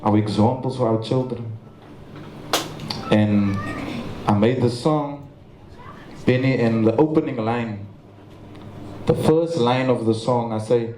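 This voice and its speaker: A young man with a Cape Town accent delivers an earnest memorial tribute, now and then stumbling over his words. His voice is mellow and dark. It rings out through an echoey hall with a faint hum of ambience behind it. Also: medium pitch, slow, long pauses. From South Africa. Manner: earnest storytelling with stammers. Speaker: memorial speaker. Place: large memorial venue.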